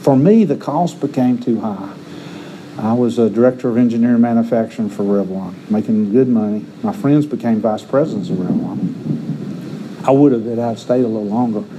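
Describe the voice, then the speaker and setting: A man's voice: mid-range voice, fairly quick, background noise. A middle-aged man preaching a sermon, earnest and given to repeating words as he restarts his phrases. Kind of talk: sermon with personal stories.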